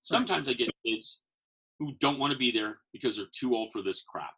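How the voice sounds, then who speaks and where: A man's voice: medium pitch, fairly quick, bright, forceful tone, husky, rough recording. A man who works as a professional Santa and magician, telling stories in a rambling, casual way and acting out the people he quotes. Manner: rambling, acts out quoted voices. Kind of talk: casual conversational storytelling.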